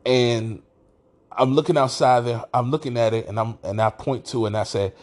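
A man's voice: mid-range voice, moderate pace. A man hosting a podcast, telling a story in a rambling, casual way and restarting his sentences often. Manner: rambling, restarts sentences, animated when retelling. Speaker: podcast host.

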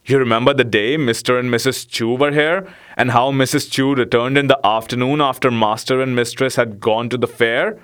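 A man's voice: medium pitch, steady tone, moderate pace, fairly bright tone, smooth, lightly acted. A man voicing a clever, scheming house cat who lays out a plan in a storybook reading. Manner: knowing, earnest.

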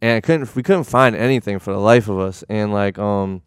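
A man's voice: on the low side, normal speed, clean tone, no room sound, clean studio sound. A man telling a long story in casual chat with lots of slang and fillers. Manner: laid-back, slangy, many fillers. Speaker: video director.

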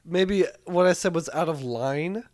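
A young man co-hosting a podcast, chatting casually in an animated, joking way and swearing freely. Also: fairly high pitch, moderate pace. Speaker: podcast co-host. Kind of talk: casual chat.

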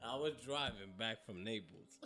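A man telling a story in casual chat, loud and laughing, swearing a lot with slang, from South Florida. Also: fairly low pitch, animated, moderate pace, loud music behind the voice.

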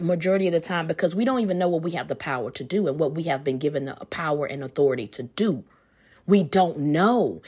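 A woman giving an informal sermon, animated and excited, with casual slang. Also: lowish voice, slightly rough. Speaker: preacher.

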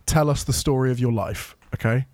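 A man co-hosting a podcast in casual chat, playful and teasing, quick to laugh. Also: medium pitch, very noisy. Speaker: podcast co-host.

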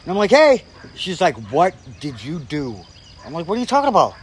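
A man's voice: on the high side, big pitch swings, fast, a little hiss or hum. A man telling a story in casual chat, swearing freely and acting out what people said. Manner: profane, acts out quoted people. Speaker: guest storyteller.

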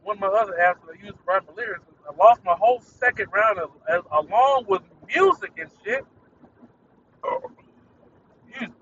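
Young man, casual rant, high lively voice, swearing, bright tone, distant and dull recording. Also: moderate pace, a little hiss or hum. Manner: irritated, ranting, swears often, laughs at own jokes. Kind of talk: casual venting monologue.

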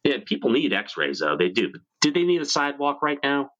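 A man's voice: mid-range voice, big pitch swings, brisk, a bit bright, lo-fi sound. A man from New York hosting a casual chat show, swearing freely and laughing often. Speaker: podcast host.

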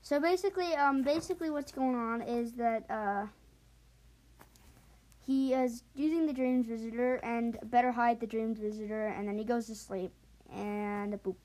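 A woman casually retelling a book plot in a rambling, hurried way with many fillers. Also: a little high, darkish tone.

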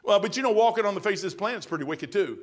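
Brief: male preacher, middle-aged, high-pitched, folksy and emphatic storyteller. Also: animated, very fast. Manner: folksy, storytelling, emphatic, addresses listeners as "man". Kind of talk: sermon.

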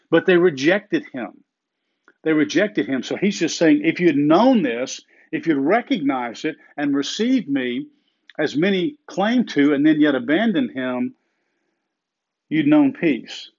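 Casting: middle-aged male pastor, earnest sermon delivery, slightly raised pitch, muffled lo-fi recording. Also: darkish tone. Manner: earnest, slows and repeats phrases for emphasis.

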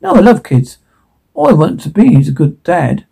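An actor playing a soft-spoken, earnest man courting a single mother in a drama. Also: a little high, sing-song, normal speed, gravelly, husky, heavily acted. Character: charming man hiding a menacing side. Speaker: suitor on a date. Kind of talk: dramatic film acting.

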